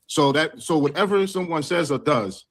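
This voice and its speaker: A man on a discussion panel, asking measured but pressing questions. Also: on the high side, animated, fairly bright tone.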